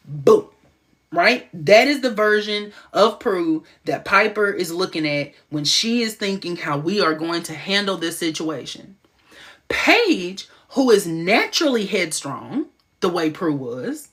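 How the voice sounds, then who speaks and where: A woman giving casual live-stream commentary on a TV show, talking fast and excitedly, with sudden high-pitched asides.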